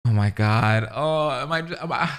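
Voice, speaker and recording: A man commentating a horror visual novel as a let's-play, reading the lines aloud with dramatic emphasis and jumpy, excitable reactions. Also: medium pitch, unhurried, clean tone. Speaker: video game commentator.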